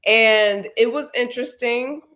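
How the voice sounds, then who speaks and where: A woman's voice: fairly high pitch, measured pace, a bit bright. A woman talking candidly as a podcast guest, rambling with many fillers. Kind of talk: casual chat.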